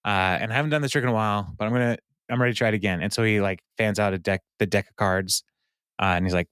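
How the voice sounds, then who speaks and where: A man's voice: on the low side, fast, a bit bright, smooth, dry recording, clean studio sound. A man co-hosting a podcast, casually recapping an episode and animatedly acting out the characters' lines. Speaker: podcast co-host.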